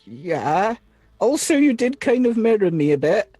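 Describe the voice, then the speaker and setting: A woman's voice: mid-range voice, big pitch swings, unhurried, dark tone, husky, no echo. A woman voicing a tiny, boastful male alien engineer in a tabletop role-play, blustering and calling everyone mate. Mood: flat.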